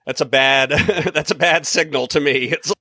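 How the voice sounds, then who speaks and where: A man's voice: fairly high pitch, steady tone, normal speed, bright, forceful tone, dry recording, clean studio sound. A man hosting a podcast interview, reassuring his guest and asking thoughtful questions with many restarts. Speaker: podcast host. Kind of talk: interview conversation.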